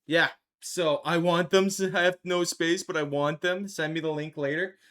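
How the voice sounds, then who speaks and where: Man, live-stream host, casual chat, slightly higher pitch, close desk mic. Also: fairly even intonation, moderate pace, a bit bright. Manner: chatty, answers chat, laughs often. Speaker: livestream host. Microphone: desk microphone.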